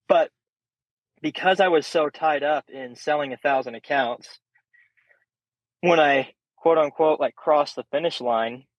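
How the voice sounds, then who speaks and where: A young man guesting on a podcast, telling stories in a casual, animated way and swearing freely. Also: medium pitch, no echo. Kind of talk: casual storytelling chat. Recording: dull, slightly muffled sound.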